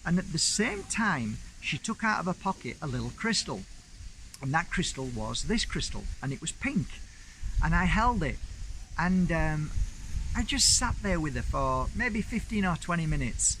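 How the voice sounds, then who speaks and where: A man's voice: fairly high pitch, very animated, moderate pace, pushed and bright, a little hiss or hum, low-quality recording. A man hosting his own channel, telling a personal story in a chatty, rambling, enthusiastic way. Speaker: crystal channel host. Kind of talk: casual storytelling to camera.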